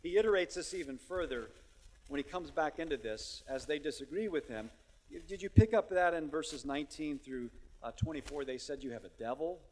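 High-voiced man preaching with dramatic swings. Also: lively intonation, a little fast. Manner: swings from hushed storytelling to loud emphatic preaching. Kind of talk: sermon.

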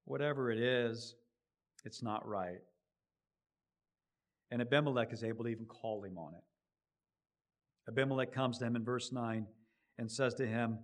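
A middle-aged man preaching a sermon, building to loud emphatic rises and then dropping low and quiet. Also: moderate pace, pauses often.

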